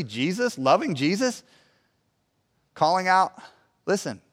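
High-voiced male preacher in a reverberant hall. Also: fairly bright tone. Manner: conversational, emphatic preaching with rhetorical questions. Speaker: pastor. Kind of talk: sermon. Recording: long reverb of a large hall.

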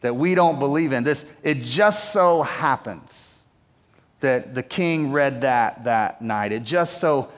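A man's voice: medium pitch, takes it slowly, long reverb tail. A man preaching a sermon, retelling a story in a casual, slangy way. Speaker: pastor.

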